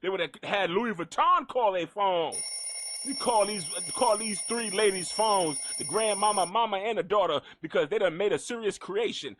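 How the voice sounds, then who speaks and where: A man hosting a comedic gossip commentary, talking in an animated, profane way and repeating lines for effect. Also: high-pitched, moderate pace. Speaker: host.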